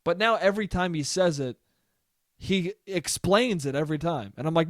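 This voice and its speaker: A man's voice: on the high side, expressive, a little fast, no echo, clean studio sound. A young man hosting a solo podcast, telling rambling, profane stories about his family and acting out their lines. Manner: rambling, profane storytelling with quoted voices. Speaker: podcast host. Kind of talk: solo comedic podcast monologue.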